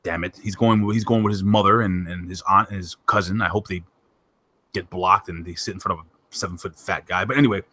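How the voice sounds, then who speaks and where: A man hosting a wrestling podcast in casual chat, excitable and emphatic, joking as he talks. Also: sits low, fairly quick. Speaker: podcast host.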